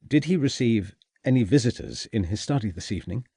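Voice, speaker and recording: A man voicing a courteous, measured Victorian detective. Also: mid-range voice, animated, gravelly, warm tone, husky, no echo, clean studio sound.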